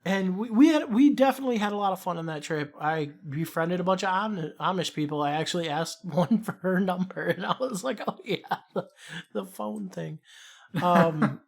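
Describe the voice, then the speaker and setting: A man's voice: sits high, normal speed, creaky. A young man with a Chicago accent, co-hosting a podcast and telling rambling, profane stories in a casual chat. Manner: rambling, profane, animated storyteller. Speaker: podcast co-host.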